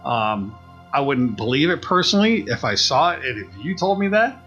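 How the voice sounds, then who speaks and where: A man's voice: medium pitch, moderate pace, dull audio, faint music behind. A man co-hosting a podcast, casually telling a story and acting out the voices of the people in it. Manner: animated retelling, acts out quoted voices. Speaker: podcast co-host.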